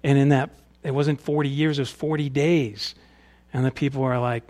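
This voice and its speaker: A man's voice: mid-range voice, steady tone, moderate pace, darkish tone. A male pastor preaching a sermon, reading scripture and explaining it in a conversational way, often dropping into casual paraphrase.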